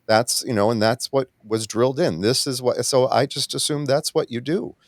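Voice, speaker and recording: A man hosting a podcast, talking reflectively and haltingly. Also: medium pitch, dry recording. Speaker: podcast host. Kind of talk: casual chat.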